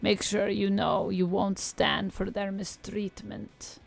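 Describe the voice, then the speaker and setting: Crackly old eastern european witch done by a woman, slow and solemn, reading tarot cards. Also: medium pitch, fairly even intonation, faint music behind. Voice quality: crackly, gravelly. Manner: slow, solemn fortune-telling.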